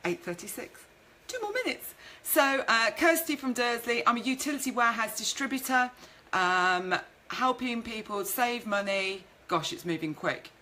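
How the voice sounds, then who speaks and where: A woman's voice: fairly high pitch, normal speed, bright, forceful tone, low-quality recording. A woman hosting a live-streamed business talk, chatty, reading out viewer comments and telling stories from her career. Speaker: networking show host and speaker.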